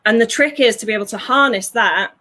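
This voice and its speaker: A woman, working as a fulfillment coach, talks through ideas in an animated way, laughing often and acting out voices. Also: fairly high pitch, fast talker. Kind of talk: conversational interview.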